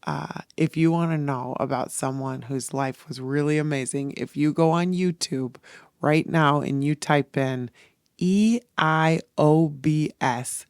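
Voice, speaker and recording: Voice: medium pitch, unhurried, clean tone, dry recording, studio quality. A podcast host speaking in a personal, reflective monologue, earnest and emotional, rambling through thoughts with restarts.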